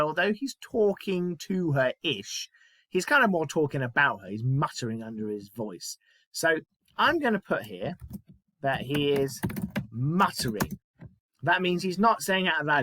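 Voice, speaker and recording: Male teacher, lively swooping voice, dry close sound, explains step by step. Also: on the high side, moderate pace, no room sound. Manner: chatty, self-mocking, explains step by step. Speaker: primary school teacher. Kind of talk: recorded writing lesson.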